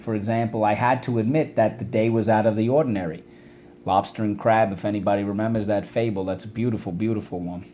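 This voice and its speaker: A man's voice: fairly low pitch, warm tone, slight background noise. A man teaching a spelling and vocabulary lesson, drilling words syllable by syllable and prompting students to repeat after him.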